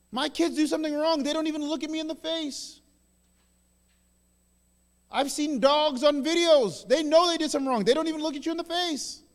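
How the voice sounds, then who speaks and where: A male pastor in his thirties preaching a sermon, swinging between loud emphatic bursts and soft hushed phrases. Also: very high-pitched, vocal fry. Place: large church hall. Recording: long reverb in a large hall.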